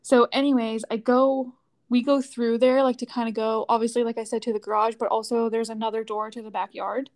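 A woman's voice: fairly high pitch, level tone, brisk, a little mellow. A woman chatting casually, telling a story with lots of "like" fillers. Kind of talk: casual chat.

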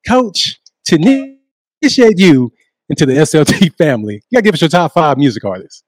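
A man's voice: a little high, big pitch swings, a little fast, no room sound. A man co-hosting a sports talk show, teasing and bantering playfully. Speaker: podcast co-host. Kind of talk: casual chat.

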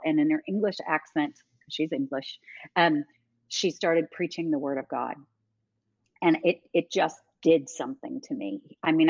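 A middle-aged woman speaking as a guest, lively and quick to laugh, doubling back on her own sentences. Her voice sits fairly low. The sound is dull and dry, with little room in it. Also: dry recording. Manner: animated, laughing, self-interrupting. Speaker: guest, ministry leader. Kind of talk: conversational storytelling.

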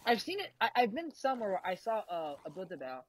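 A young woman chatting on her vlog in a bouncy, animated voice. She rambles with plenty of fillers, giggles often and talks around a mouthful of food. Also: mid-range voice, fast talker, rough recording. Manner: eating while talking. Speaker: vlogger. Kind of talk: casual chat.

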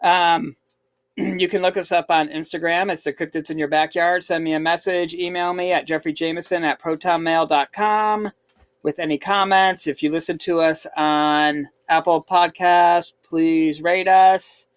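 A woman in her forties hosts a podcast from her home, her voice sitting a little low for a woman. She talks in a loose, playful way and teases the people she is chatting with. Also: steady tone, measured pace. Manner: playful, teasing. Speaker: podcast host. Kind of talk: casual family chat. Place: at home, indoors.

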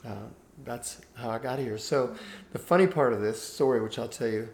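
A man's voice: mid-range voice, normal speed. A man in his sixties, originally from Cuba and with no accent, earnestly telling stories from his life as an interview guest. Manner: earnest, animated anecdote telling. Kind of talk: interview storytelling. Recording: roomy echo with faint background hiss.

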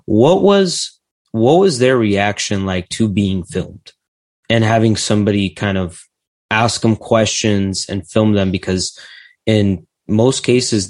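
A man's voice: on the low side, a little mellow, no echo. A man hosting an interview, asking long, winding questions with some fillers. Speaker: interviewer host. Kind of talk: podcast interview.

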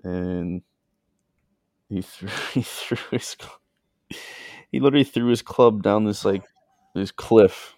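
A young man with a low, deep voice tells a story on a casual podcast. He rambles along with plenty of filler words and acts out the quotes, and his sound is dry and close. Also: slow pace, long pauses, darkish tone, no echo. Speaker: podcast co-host.

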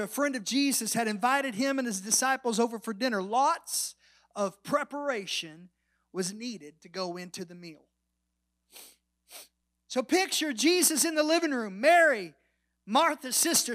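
Preaching a sermon, a male pastor tells a story with big swings between loud and soft passages. He sinks to a near whisper at the ends of phrases for emphasis, and his voice is very high-pitched.

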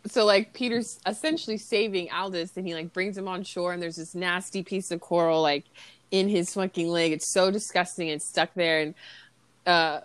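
A woman's voice: on the low side, normal speed, clean tone, dry recording. A young adult woman co-hosting a podcast, casually recapping movie scenes, laughing and swearing as she acts out the lines. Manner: laughing, profane, acts out quotes in animated voices. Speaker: podcast co-host.

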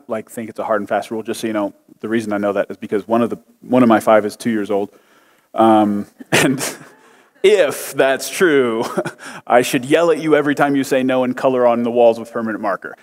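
A man in his thirties preaching a sermon as a pastor, conversational and often asking his listeners questions. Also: medium pitch. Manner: conversational, asks the audience questions. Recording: long hall reverb.

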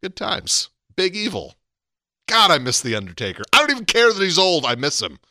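Male podcast co-host, animated casual talker, bright voice. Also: high-pitched, brisk, dry recording, studio quality. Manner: animated, rising to emphatic peaks. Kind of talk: casual wrestling chat.

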